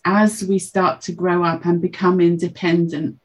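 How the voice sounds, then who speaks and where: Calm, explaining woman. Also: fairly low pitch, normal speed, poor audio. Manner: calm, explanatory, acts out example phrases. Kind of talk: reflective podcast conversation.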